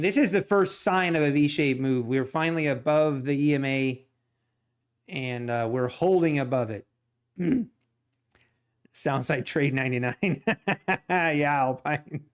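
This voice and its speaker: Man, middle-aged, slow unhurried talk, fairly high voice, laughs a lot, rambling jokey live-stream chat. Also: smooth. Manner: laughs often, rambling and joking; answers viewer chat. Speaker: live-streaming day trader.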